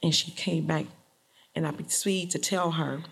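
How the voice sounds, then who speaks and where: A middle-aged woman from Detroit telling a personal story to an audience in a lively, colloquial way. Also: sits low, normal speed, gravelly, husky.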